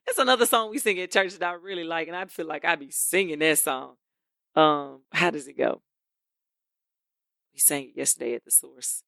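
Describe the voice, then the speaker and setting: A woman's voice: deep voice, creaky, no echo, studio quality. A woman co-hosting a podcast, chatting playfully and breaking into gospel songs. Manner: playful, sings church songs slowly and loudly. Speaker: podcast co-host. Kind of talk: casual chat, singing gospel snippets.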